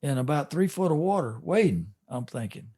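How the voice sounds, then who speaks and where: A man's voice: on the high side, sing-song, warm tone, breathy edge. An older man, a fishing captain telling a folksy story in a casual interview. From Texas. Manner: folksy, drawn-out yarn spinning with chuckles.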